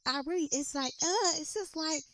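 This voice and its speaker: Blunt high-voiced American woman ranting. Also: moderate pace, a bit bright. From United States. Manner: blunt, profane, emphatic. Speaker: content creator. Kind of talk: casual rant to camera. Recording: clicky noisy recording.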